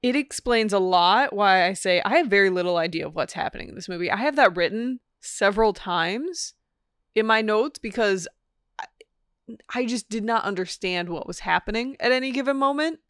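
A woman's voice: medium pitch, animated, moderate pace, fairly bright tone, smooth, dry recording, clean studio sound. A woman co-hosting a podcast, chatting casually about a movie, laughing at her own confusion as she rambles. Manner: laughing, self-deprecating, rambling. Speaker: podcast co-host. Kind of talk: casual movie review chat.

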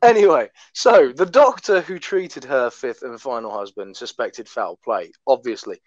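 Sweary, animated Oklahoma man. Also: mid-range voice, moderate pace, dry recording. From Oklahoma, USA. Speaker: podcast co-host. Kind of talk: casual true-crime chat. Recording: dull, dry sound.

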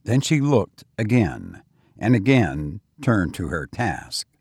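Male narrator, low, husky, unhurried; dry close mic. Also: very animated, darkish tone, no echo. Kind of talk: storybook narration.

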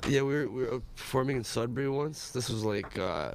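A young rapper appears as a guest in casual chat, rambling through stories packed with likes and ums. His medium-pitched voice runs a little fast, and there's a bit of hiss or hum in the recording.

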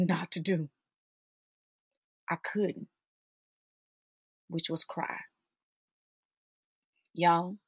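A woman in her forties tells a personal story to her listeners with slow, heartfelt pacing. Her voice is husky and sits a little low. The recording is dry and close, with no room around it. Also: no room sound. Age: 40s. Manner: heartfelt, addresses listeners as sisters and y'all. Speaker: podcast host.

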